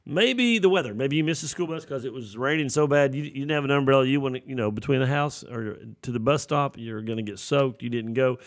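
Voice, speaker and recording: Folksy preacher with a gravelly voice. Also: male voice, medium pitch, a little fast, few pauses. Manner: folksy storytelling with acted-out voices. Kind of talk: sermon.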